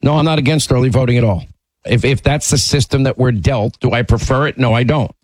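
A man's voice: mid-range voice, fairly quick, a little mellow, no room sound, rough recording. A man hosting a call-in talk radio show, speaking emphatically and conversationally from a studio mic.

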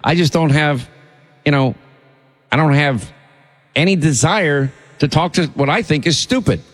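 A man's voice: on the high side, unhurried. Male radio host, blunt and indignant, rambling commentary with some room reverb. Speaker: radio talk show host.

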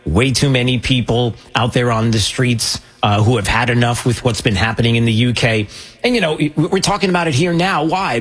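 Husky-voiced rambling talk show host. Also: male voice, medium pitch, big pitch swings, a little fast, a bit bright. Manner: rambling, self-mocking, lots of fillers. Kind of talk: casual news commentary.

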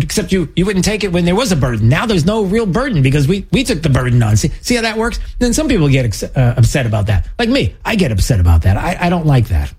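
A man's voice: a little high, very animated, fast, a little mellow, slightly rough. A male radio talk show host, chatting casually and sarcastically with many fillers.

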